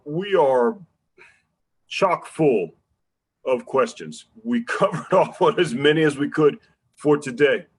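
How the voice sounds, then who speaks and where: A man's voice: mid-range voice, slightly rough. A man hosting a webinar who thanks the panel and jokes with the guests in an upbeat way. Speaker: webinar host.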